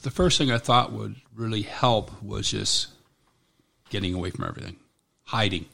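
A middle-aged man, a military veteran, telling his own story in an interview, blunt and profane with halting restarts. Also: fairly low pitch, vocal fry, a bit bright, slightly rough. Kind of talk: personal account in an interview.

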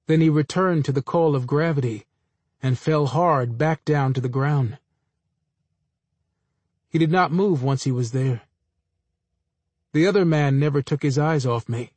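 Man reading a story, slightly high voice. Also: unhurried, pauses often, a little mellow, no room sound. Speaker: narrator. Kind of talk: first-person story reading.

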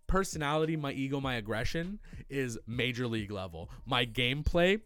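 A man's voice: medium pitch, a little fast, no room sound. Self-mocking man chatting on a podcast. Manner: self-mocking, swears freely, repeats words when excited. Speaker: podcast co-host. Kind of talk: casual chat.

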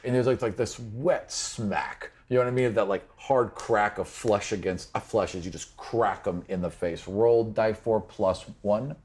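A man's voice: fairly low pitch, a little mellow. A man running a tabletop role-play game as game master and podcast host, narrating vividly with lots of "like" fillers.

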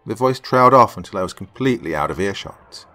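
A man reading a first-person story aloud in an expressive, dramatic way. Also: low-pitched, fast, faint music behind. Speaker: narrator.

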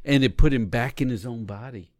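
A man's voice: mid-range voice, a little fast, no echo, studio quality. A man coaching others on how to listen, talking earnestly and acting out example lines. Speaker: relationship coach. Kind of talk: teaching conversation.

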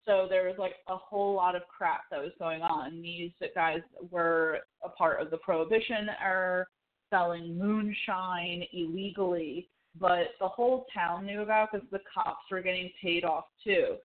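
A woman in casual film chat, excitable, explaining background facts with frequent fillers. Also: fairly low pitch, moderate pace. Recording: tinny phone-like sound.

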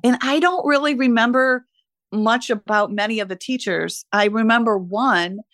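A retired woman teacher in her sixties, reflecting warmly and emotionally in a conversational interview. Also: a little high, normal speed, no room sound, clean studio sound. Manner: warm, emotional, laughs easily. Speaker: retired teacher, podcast guest.

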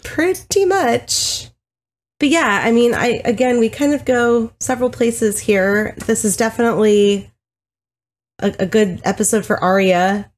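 A woman's voice: on the high side, a little slow. A woman co-hosting a podcast, chatting casually, retelling scenes and laughing easily. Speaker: podcast co-host. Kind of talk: casual chat.

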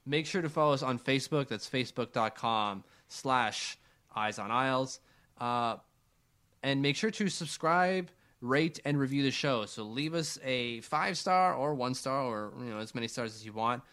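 A Canadian man co-hosting a podcast in an easy, rambling way. His voice sits at an ordinary pitch for a man, and he often trips over his words and starts again. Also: normal speed. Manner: relaxed, rambling with restarts. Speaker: podcast co-host. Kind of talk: casual sports chat.

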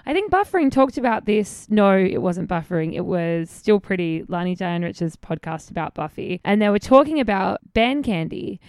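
A woman's voice: medium pitch, sing-song, moderate pace, hardly any pauses, darkish tone, dry recording, clean studio sound. An Australian woman co-hosting a podcast, chatting casually and often saying "like". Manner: chatty, many "like" fillers. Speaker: podcast co-host. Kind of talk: casual chat.

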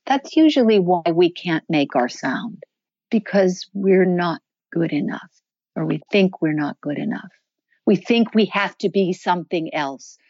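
A woman's voice: lowish voice, a little slow, no echo, dull audio. An older woman, a voice coach, talks in a podcast interview and shifts her voice up and down to show what she means. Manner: expressive, demonstrates voices while explaining.

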